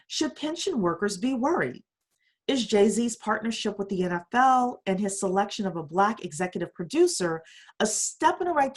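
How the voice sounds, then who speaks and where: A woman hosting a daily economic news podcast, reading stories with emphatic rhetorical questions. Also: medium pitch. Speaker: podcast host.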